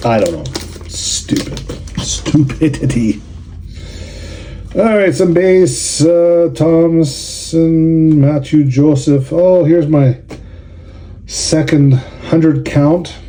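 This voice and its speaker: A man's voice: a little high, slow pace, dark tone. A middle-aged man, casually grumbling and sarcastic while opening trading cards for a vlog. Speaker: card collector and show organizer.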